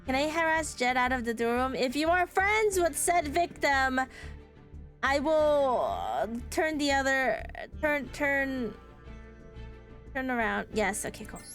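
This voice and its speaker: Faint music plays behind a woman live-streaming a card game, her high, sing-song voice moving slowly with a slightly bright tone. She chats playfully and sarcastically with viewers, laughing often, in casual stream talk.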